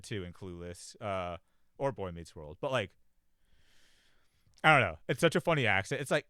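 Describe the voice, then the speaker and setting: A man's voice: medium pitch, sharp tone, clear, resonant tone, no echo, clean studio sound. A young man rambling casually about a cartoon episode, filling his talk with "like", swearing and mimicking the characters. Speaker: podcast host reviewing a cartoon. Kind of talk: casual chat.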